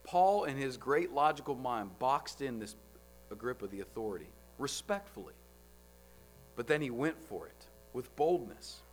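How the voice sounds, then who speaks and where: A man preaching a sermon, firing off rhetorical questions and swinging between loud, driving lines and quiet ones. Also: medium pitch, big pitch swings, moderate pace, faint music behind.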